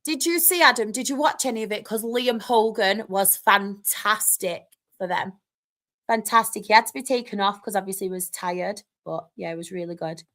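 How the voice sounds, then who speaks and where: A young Northern English woman hosting a live stream, chatting casually and reading out comments, excitable with quick laughs. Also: medium pitch.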